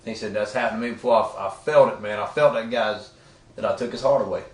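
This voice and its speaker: A man's voice: fairly low pitch, fast talker. A man and former bouncer casually telling stories, quoting what others said to him. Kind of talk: casual storytelling. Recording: echoey room, mic at a distance.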